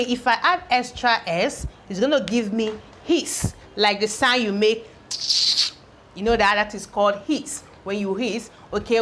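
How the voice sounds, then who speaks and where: A woman's voice: medium pitch, a bit bright, a little hiss or hum. A woman teaching an English spelling lesson, repeating each word and checking in with "okay?". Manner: repeats each word several times, ends points with "okay?".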